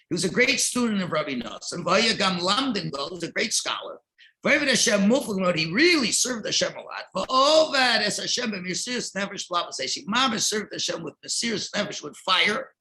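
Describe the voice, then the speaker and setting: A man's voice: high-pitched, vocal fry, pushed and bright. A man teaching a Torah class as a rabbi, reading Hebrew lines and translating them, now and then raising his voice for emphasis. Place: synagogue.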